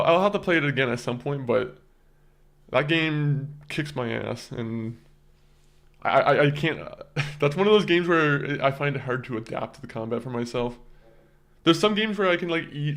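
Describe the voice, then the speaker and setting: Rambling, laughing male gaming streamer. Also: mid-range voice. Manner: rambling, laughing, stumbling over words. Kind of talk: casual chat with stream viewers.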